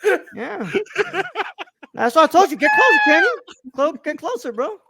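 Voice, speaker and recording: A man's voice: extremely high pitch, huge pitch swings, moderate pace, vocal fry, heavy background noise. A man from Texas, a guest on a comedy podcast, telling stories in a slangy casual style. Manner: slangy, ends lines with "bro". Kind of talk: casual storytelling.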